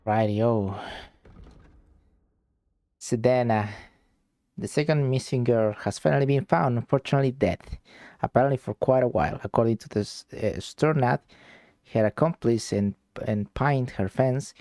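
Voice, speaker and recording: A man streaming a game, chatting with viewers in a slow, relaxed, rambling way. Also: mid-range voice, no room sound, studio quality. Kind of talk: casual gameplay commentary.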